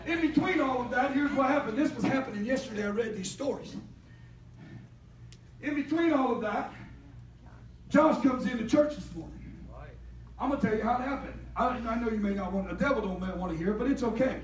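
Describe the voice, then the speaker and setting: A man preaching a fervent sermon, moving between quiet talk and shouting. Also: very high voice, fairly quick, long pauses. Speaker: lay preacher. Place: church sanctuary. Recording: echoey church hall, distant mic, congregation responding.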